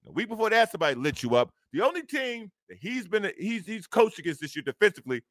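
A man co-hosting a sports talk show, ranting and mocking in loose slang with loud outbursts. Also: high voice, sing-song, quick pace, dry recording, clean studio sound.

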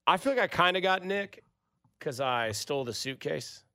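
A man's voice: fairly high pitch, lively intonation, moderate pace, sharp tone, smooth, no echo. A man hosting a casual late-night sports radio show from a studio, talking in a rambling, conversational way and correcting himself as he goes.

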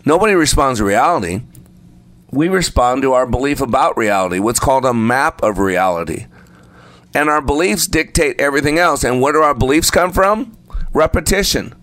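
A man's voice: mid-range voice, a bit bright, no room sound. Man, preacher, sermon, emphatic, repetitive phrasing, dry recording. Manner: emphatic, repeats phrases for effect; acts out the story voices while telling it.

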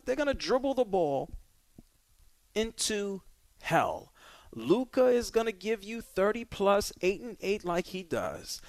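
A man's voice: on the high side, no echo. A man hosting a sports talk radio show, delivering an opinionated monologue with emphatic, punchy repetition.

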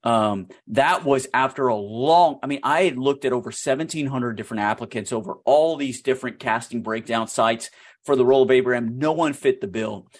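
A man, a filmmaker guest on a radio show, telling his story in an animated, excitable way that often jumps up in pitch. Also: fairly quick. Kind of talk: storytelling interview.

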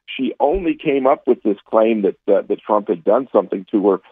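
This political pundit calls in on a dry, tinny phone connection, sounding scornful and ready for a fight while stumbling through fillers and false starts. He speaks at a normal speed in a lowish, slightly rough and animated voice, and the recording is dry.

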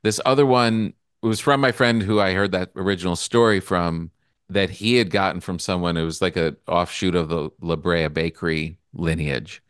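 Deep, smooth-voiced man chatting. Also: normal speed, no echo, studio quality. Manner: relaxed, easygoing, with frequent laughs. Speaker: guest. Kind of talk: casual chat.

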